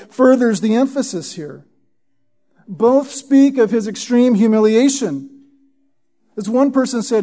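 A pastor with a high, dark-toned voice teaches through scripture verse by verse in an expository sermon. He tends to pause on "Right?" and to repeat words for emphasis.

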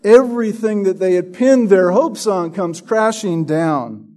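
A man preaching a sermon, teaching from a Bible passage with a slow, emphatic, drawn-out delivery. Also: high-pitched, expressive, a little mellow.

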